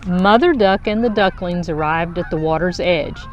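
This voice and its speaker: Lower-voiced woman reading a children's story. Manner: slow, expressive storytelling. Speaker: children's book reader. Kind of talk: reading a picture book aloud.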